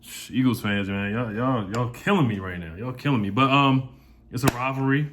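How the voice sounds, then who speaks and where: A man's voice: medium pitch, normal speed, a bit bright, slight background noise. A young man hosting a casual sports vlog, fired up and mocking rival fans, often repeating himself. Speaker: sports channel host.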